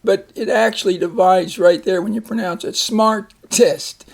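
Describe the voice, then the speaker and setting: A man teaching a phonics lesson, slowly reading words, splitting syllables and giving example sentences. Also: high voice, steady tone, creaky. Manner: slow, deliberate, repeats each word and splits syllables.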